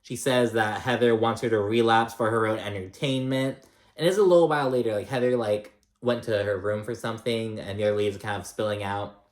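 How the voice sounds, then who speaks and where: A man's voice: lowish voice, steady tone, brisk, echoey room. A man casually recapping a reality show, gossipy and full of fillers, acting out the cast's lines with sass. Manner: gossipy, filler-heavy, mimics cast with sassy quotes.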